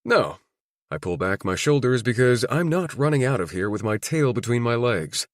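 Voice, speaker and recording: A man's voice: medium pitch, expressive, moderate pace, dry recording, studio quality. A man narrating a romance audiobook in the first person, wry and introspective.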